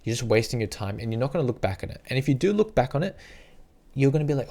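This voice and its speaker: A chatty man gives loose, rambling travel tips straight to the camera, with a gravelly edge to his voice. He sits at an everyday middle pitch, repeats himself often, and slips into a higher voice to act out little scenes. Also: expressive, fast, darkish tone. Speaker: travel vlogger. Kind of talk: casual advice to camera.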